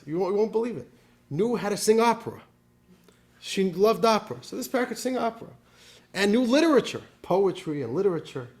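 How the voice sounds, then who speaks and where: A man, a rabbi, teaching a class in an animated storytelling manner, dropping in Yiddish words. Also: on the high side.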